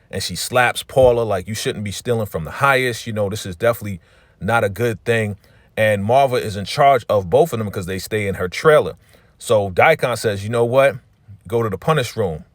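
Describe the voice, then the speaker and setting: A man's voice: lowish voice, no echo. Laid-back man recapping a drama episode. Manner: loose retelling, quoting characters in his own voice, many "you know"s. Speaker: recap host.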